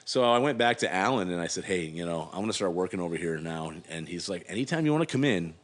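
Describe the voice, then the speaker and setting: A man's voice: sits low, fast, a bit bright. A middle-aged man, a guest brewer, telling a long rambling story in a casual interview, full of fillers and acted-out quotes.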